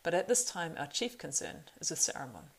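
A woman's voice: sits low, big pitch swings, fairly quick, gravelly, breathy edge, heavily acted, low-quality recording. A woman voicing a proud young male horse-lord marshal in an audiobook reading, earnest and urgent. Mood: bitter, wary.

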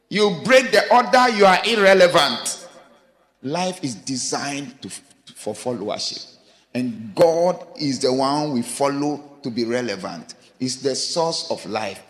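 A man preaching a sermon, emphatic, asking the congregation rhetorical questions and swinging between raised lines and low quiet asides. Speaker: pastor. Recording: long hall reverb.

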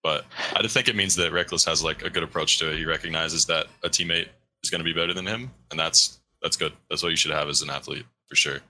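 Male co-host, deep with a tense, sharp edge, thoughtful and hedging. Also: fairly even intonation, fast, low-quality recording. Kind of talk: casual talk-show discussion.

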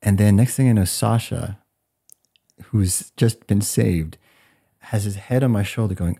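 A man in his forties telling a story in a podcast interview, animated and acting out what people said. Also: fairly low pitch, a little slow, creaky, husky. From United States. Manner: animated storyteller, acts out quotes. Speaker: guest.

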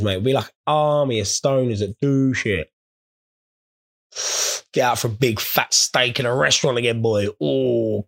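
Man, vlogger, crude comic rambler, lively and gravelly. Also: mid-range voice. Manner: crude, swearing, rambling banter. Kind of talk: casual comedic rant to camera.

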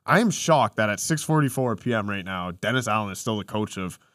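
A man's voice: lowish voice, animated, fairly quick, a bit bright, no echo, clean studio sound. A man co-hosting a casual sports podcast, opinionated and prone to frustrated rants. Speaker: podcast co-host.

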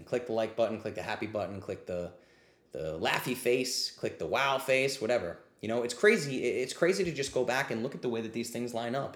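In a reverberant space, a medium-pitched male podcast host takes live questions during a streamed ask-me-anything. Worked up, he rants with passion and profanity, not mincing words, and notes he's getting heated.

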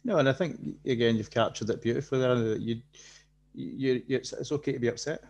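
A man's voice: mid-range voice, brisk, a little mellow, lo-fi sound, a little hiss or hum. A man hosting a podcast, asking long supportive questions with many restarts. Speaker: podcast host. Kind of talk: interview questions.

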